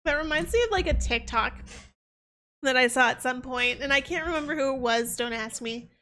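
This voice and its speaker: A woman's voice: sits high, moderate pace, bright, forceful tone. A young woman streaming a game, chatting casually in a rambling way. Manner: rambling, full of fillers and restarts. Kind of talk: casual chat while gaming.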